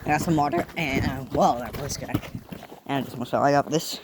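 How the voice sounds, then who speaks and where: A man's voice: medium pitch, moderate pace, noisy background. A man vlogging outdoors at night on a handheld phone, rambling casually about what he's doing and talking to his cat. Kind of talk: casual vlog. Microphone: handheld phone camera.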